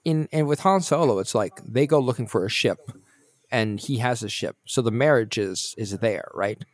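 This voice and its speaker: A man's voice: medium pitch, normal speed. Man, film podcast co-host, blunt wry casual talk. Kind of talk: casual movie review chat.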